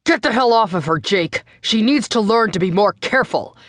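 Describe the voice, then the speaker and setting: Audiobook: woman reading as a harsh, deep-voiced abusive dad, low, snapping and cold, recorded dry. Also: lively intonation, normal speed, no echo. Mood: furious shouting. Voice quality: loud, deep voice. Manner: curt, snapping, shouts in anger. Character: abusive, harsh middle-aged father. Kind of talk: audiobook narration.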